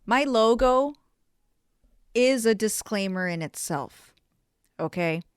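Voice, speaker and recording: A woman's voice: fairly high pitch, animated, slow pace, smooth, no echo, studio quality. A young woman hosting a solo podcast, telling stories casually with lots of swearing and self-mocking asides. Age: young adult. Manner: chatty, profane, self-mocking. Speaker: podcast host.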